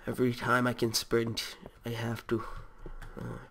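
A man fighting off a cold talks through his gameplay with a stuffy, nasal tone and a gravelly, fry-laden edge. His commentary rambles in an easygoing, chatty way. Faint keyboard clicks sit behind him. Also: medium pitch, completely flat delivery, unhurried, fairly bright tone, a little hiss or hum. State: sick with a cold. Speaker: host.

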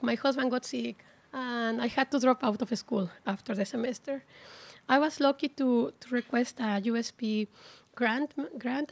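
A woman in her forties giving a heartfelt, halting graduation speech at a ceremony. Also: fairly high pitch, creaky, no echo. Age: 40s. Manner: heartfelt, emotional, halting with restarts. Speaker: graduating student speaker.

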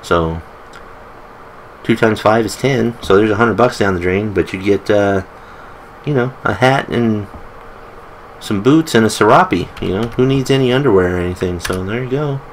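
Casual let's play host, a man, chatty and joking, slightly low voice, faint typing in the background. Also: normal speed, slight background noise, poor audio. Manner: chatty, joking asides, reads game text aloud. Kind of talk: casual gameplay commentary.

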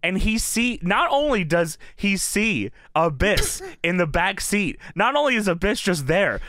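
A man co-hosting a podcast, recapping an old wrestling show in casual chat, excitable, laughing often and swearing freely. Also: high-pitched, unhurried, dry recording, studio quality. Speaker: podcast co-host.

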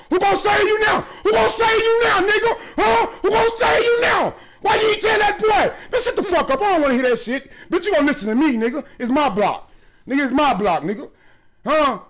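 A man streaming a basketball video game, taunting other players loudly, often breaking into shouts. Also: high-pitched. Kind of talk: trash talk during live gameplay.

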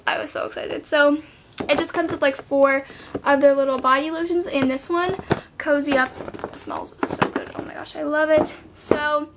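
A woman's voice: high-pitched, fairly even intonation, moderate pace, heavy background noise. A teenage girl vlogging casually, bubbly and full of "like" and "literally". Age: teens. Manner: bubbly, says "like" and "literally" a lot. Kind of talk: casual haul vlog.

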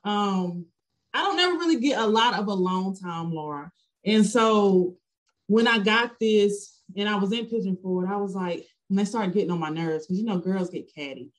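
A woman hosting a podcast, chatty and excitable, laughing often while talking with her guest. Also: medium pitch, normal speed. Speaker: podcast host. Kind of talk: casual interview chat.

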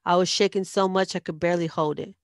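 A woman narrates a first-person story in a steady, even reading. Her voice sits low with a gravelly grain. The sound is close and dry. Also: fast talker, no room sound.

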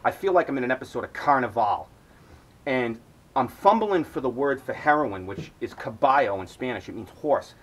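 Husky man telling a rambling, profane story. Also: mid-range voice, lively intonation, normal speed, a bit bright, rough recording. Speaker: podcast host. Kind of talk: storytelling monologue.

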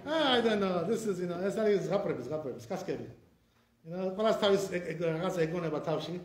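A man's voice: sits high, very fast, echoey room, slight background noise. A man, a rabbi teaching an informal Torah class with conviction and lots of fillers. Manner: animated, repetitive fillers, speaks with conviction.

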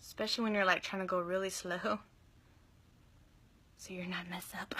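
A woman's voice: fairly low pitch, flat delivery, moderate pace, pauses often, bright, forceful tone, slightly rough. A young woman giving a chatty, enthusiastic live makeup tutorial, gushing over the products she uses. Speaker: makeup vlogger.

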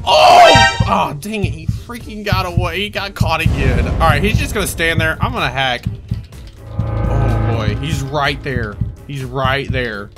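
A young adult commenting live on gameplay, panicky and yelping, with quick repeated phrases. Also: mid-range voice, expressive. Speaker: gaming video creator. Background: game music.

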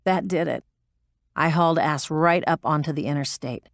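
A blunt, hardened ex-military pilot. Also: female voice, low-pitched, normal speed, no room sound, clean studio sound. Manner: blunt, profane, defensive. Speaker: interviewee. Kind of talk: audiobook drama performance.

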